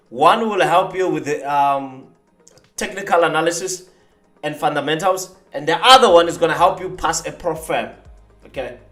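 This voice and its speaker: A man hosting a live trading stream, talking casually and boastfully while demonstrating software. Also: on the high side, echoey room. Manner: animated, boastful, teasing rivals.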